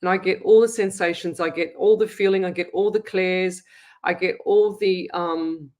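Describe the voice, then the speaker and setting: A middle-aged Australian woman hosting a live psychic stream, who chats in a rambling way and then leads a slow, soothing guided meditation. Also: lowish voice, steady tone. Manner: slow, soothing, repetitive guidance; chatty, rambling self-explanation. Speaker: psychic medium host. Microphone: webcam on a live stream. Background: soft meditation music.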